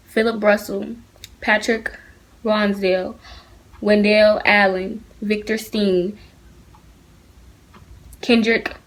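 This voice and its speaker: A teenage girl from Atlanta, speaking earnestly and heatedly straight to her viewers in a casual opinion vlog recorded on a phone. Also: medium pitch. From Atlanta, United States. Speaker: vlogger. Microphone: phone camera.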